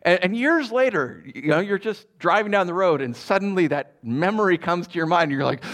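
A man's voice: high voice, lively intonation, a little fast, hardly any pauses, a bit bright. A man, a pastor, giving a casual, conversational sermon to a congregation. He chuckles often and keeps checking in with "right?".

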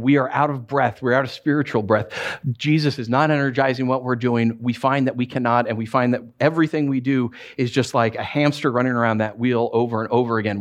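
A male pastor preaching a sermon in a conversational, playful way, with self-deprecating humor and emphatic repetitions. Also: mid-range voice.

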